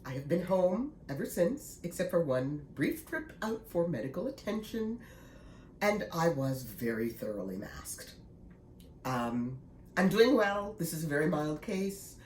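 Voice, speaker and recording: A woman's voice: lowish voice, sing-song, unhurried, a little mellow. A woman in her sixties, slightly congested, chatting casually and laughing easily in a knitting vlog. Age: 60s. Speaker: knitting vlogger. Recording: echoey room with faint noise.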